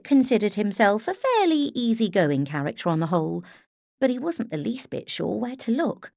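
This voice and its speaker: A woman narrating an audiobook in a measured, expressive way. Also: medium pitch, vocal fry, dry recording. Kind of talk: scripted narration.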